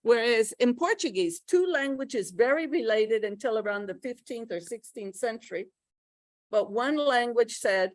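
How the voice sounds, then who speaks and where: Woman lecturing, high dry voice. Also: normal speed, dry recording. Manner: lively, checks in with audience often. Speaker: pronunciation workshop presenter. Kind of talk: lecture to English teachers.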